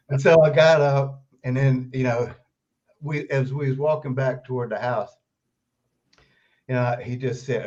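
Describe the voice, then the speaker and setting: An older man, a guest author, telling animated stories in an interview and laughing often as he goes. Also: mid-range voice, normal speed. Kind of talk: storytelling interview. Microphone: video call. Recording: dull lo-fi remote call audio.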